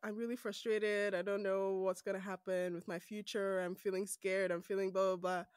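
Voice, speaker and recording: A young woman from Nigeria hosting a casual interview, a chatty, animated storyteller who laughs a lot. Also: mid-range voice, moderate pace, smooth, no echo, clean studio sound. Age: young adult. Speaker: host.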